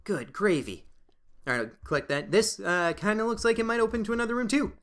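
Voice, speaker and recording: A young man from Canada giving casual, excitable commentary as he plays a video game, often breaking into exclamations. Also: high-pitched, fast, clear, resonant tone. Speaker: let's play gamer.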